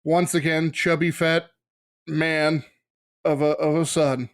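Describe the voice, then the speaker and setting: A man from Minnesota co-hosting a movie podcast, with a voice pitched a little high for a man. He tells stories in a dry, deadpan, mock-serious way. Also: slow, clean tone. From Minnesota, USA. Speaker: podcast co-host. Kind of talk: casual movie podcast chat.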